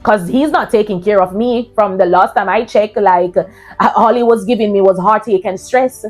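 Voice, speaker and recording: A woman telling a personal story to her viewers in a casual, animated way, often calling them "guys". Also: mid-range voice, moderate pace, faint music behind, low-quality recording.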